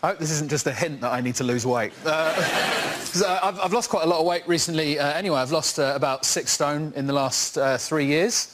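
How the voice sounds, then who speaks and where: A man doing a self-deprecating stand-up routine in a TV studio, rising to shouts on punchlines. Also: on the high side, steady tone, fairly quick. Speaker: comedian guest. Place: TV studio with audience. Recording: loud background noise.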